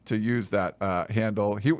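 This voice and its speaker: A man's voice: on the low side, fairly even intonation, moderate pace, clear, resonant tone, no room sound. A man co-hosting a sports podcast, joking and rambling through plugs and sponsor reads while teasing his co-host. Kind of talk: casual chat with sponsor reads.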